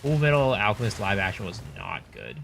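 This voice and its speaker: A man's voice: fairly low pitch, sing-song, a little fast, vocal fry, fairly bright tone, slight background noise. A man streaming a game, chatting casually with his viewers and giving loose, blunt opinions, with some swearing. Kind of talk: casual livestream chat while gaming.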